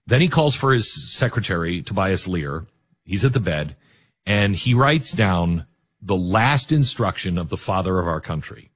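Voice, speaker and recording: Husky, animated male talk host. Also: sits low, moderate pace. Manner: animated, jokey asides. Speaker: radio talk show host. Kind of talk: storytelling monologue.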